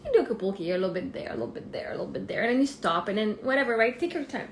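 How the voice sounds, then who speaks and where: A woman, a life coach rambling excitedly and thinking aloud in a casual live stream from her phone. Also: mid-range voice, very fast, a little hiss or hum. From Canada. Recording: roomy echo.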